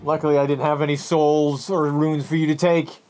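A young man giving casual let's-play commentary, excitable and talking to himself as he yells at the game. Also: on the high side, moderate pace, slight background noise. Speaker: gameplay commentator.

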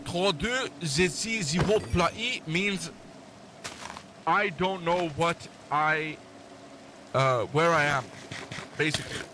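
A young man streaming a game, chatting excitedly and joking, mock-translating foreign phrases. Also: fairly high pitch, slow pace, pauses often, slight background noise. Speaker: gaming streamer. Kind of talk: casual gaming chat.

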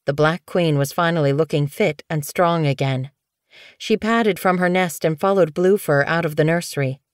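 A woman with a low voice narrates an audiobook in a calm, even storytelling manner. The recording is dry and close, with no room sound. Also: normal speed, no room sound. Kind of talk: scripted narration.

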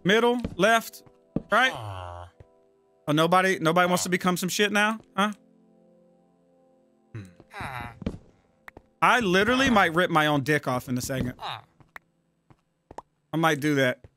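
A man's voice: high voice, animated, measured pace, long pauses, pushed and bright, faint music behind. A man giving casual, profane, exasperated commentary while playing a game and talking to himself. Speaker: gaming channel host.

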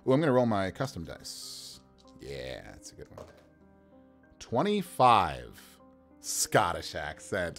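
A man chatting casually on a livestream as a game master, building characters by rolling dice, animated and laughing often. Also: fairly low pitch, slow pace, faint music behind.

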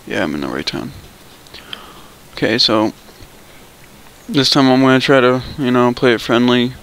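A man's voice: mid-range voice, lively intonation, normal speed, fairly bright tone, low-quality recording. A young man chatting loosely and swearing while he narrates his gameplay for viewers. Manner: loose, swearing, thinking aloud. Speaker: gameplay video creator. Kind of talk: casual gameplay commentary.

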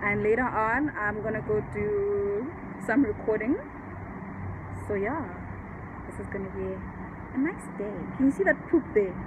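A woman's voice: medium pitch, unhurried. A woman from South Africa talking casually to camera in a vlog, chatty and upbeat, a little stuffy from a cold. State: nose blocked with flu. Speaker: vlogger. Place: outdoors on a sunny cold day. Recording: outdoor noise behind.

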